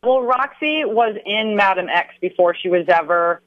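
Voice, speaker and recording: A woman, a guest musician calling in to a radio interview, chatty and quick to laugh. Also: mid-range voice, expressive, no echo. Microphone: phone. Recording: dull, dry phone line.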